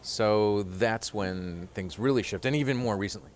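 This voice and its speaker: A man, a voice actor being interviewed, telling stories in a lively way with many fillers like "uh" and "you know". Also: on the low side, moderate pace, a little hiss or hum. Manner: animated storyteller with frequent fillers. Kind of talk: casual interview chat.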